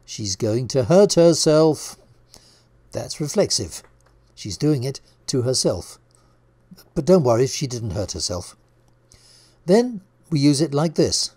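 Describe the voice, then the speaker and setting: A middle-aged man teaching an English grammar lesson, reading clear scripted narration in a lively teacher's manner. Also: medium pitch. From England.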